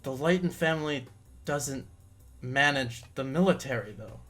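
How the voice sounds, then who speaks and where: A man running a tabletop game as game master, narrating in a halting way, full of restarts. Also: medium pitch, expressive, fairly bright tone, faint music behind. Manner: halting, with many fillers and restarts.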